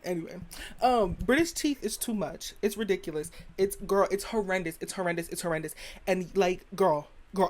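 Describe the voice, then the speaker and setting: Speaking at a normal pace with a fairly low, darkish voice, this young female podcast host delivers a casual opinion rant. She's blunt, sassy and dramatic, swears freely, and keeps addressing the listener as "girl."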